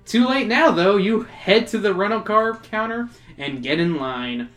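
A woman's voice: medium pitch, lively intonation, soft background music. A woman co-hosting a casual podcast, joking with friends and reading a choose-your-own-adventure book aloud. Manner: laughing, joking, reads narration slowly.

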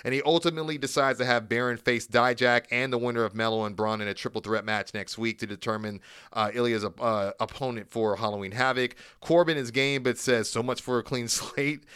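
A man co-hosting a podcast, casually recapping wrestling shows at length and quoting promos in animated voices. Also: medium pitch, brisk, clean tone, no echo, clean studio sound.

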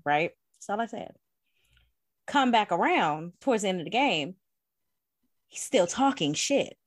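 A woman in casual podcast chat, telling an animated, profane story with plenty of laughs. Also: mid-range voice, no room sound, clean studio sound. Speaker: podcast co-host.

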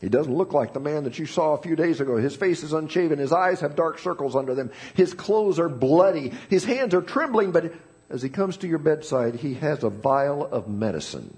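Man preaching a sermon, somewhat high voice, very lively pitch, dramatic storytelling. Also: moderate pace. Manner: dramatic storytelling, swings between loud emphasis and hushed tones. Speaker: pastor. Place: church sanctuary.

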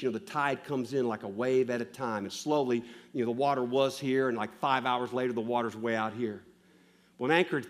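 A man preaching a sermon with feeling, repeating lines for emphasis and asking the listeners questions, swinging from loud stress to hushed, quiet passages. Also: mid-range voice.

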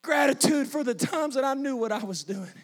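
A man preaching a sermon as pastor, moving from hushed storytelling to shouted praise. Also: very high voice, animated, a little fast.

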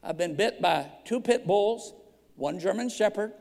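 A pastor in his fifties preaches with a gravelly, high voice, moving from humorous stories to fervent calls. His voice rings out in a long church-hall reverb. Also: lively intonation, measured pace, a little mellow. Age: 50s. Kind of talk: sermon.

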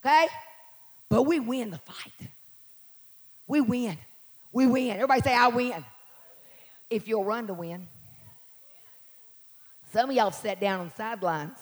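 A middle-aged woman pastor with a scratchy voice, preaching a sermon and breaking into shouted exhortations and sung lines. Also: on the high side, measured pace, long pauses. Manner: preaching with call-outs, shouting and singing.

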